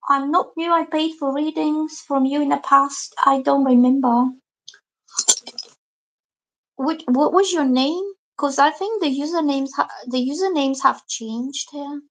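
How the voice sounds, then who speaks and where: A woman with a fairly high voice reads tarot on a live stream in a chatty way. She explains each card to her viewers and reads their comments aloud. Now and then she acts out the reactions a person might have. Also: normal speed, few pauses. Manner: lively, acts out quoted reactions. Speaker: tarot reader.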